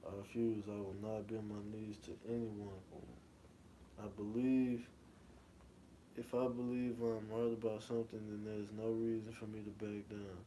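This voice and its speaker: A man's voice: fairly low pitch, flat delivery, normal speed, warm tone, slight background noise, natural voice, low-quality recording. A man voicing a proud courtesan who refuses to kneel, read firmly from a comic. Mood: defiant.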